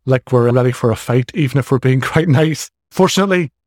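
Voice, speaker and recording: With a Northern Irish accent and a medium, slightly mellow voice, this fitness coach in his forties talks fairly quickly on his solo podcast. He keeps it casual and direct, tossing in jokes, and the clean studio sound has no room noise.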